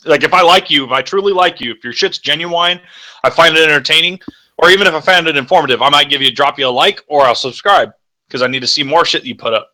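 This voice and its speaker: Bright-toned young man rambling crudely. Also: a little high, fast. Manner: rambling, crude, self-correcting. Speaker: co-host. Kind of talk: casual chat.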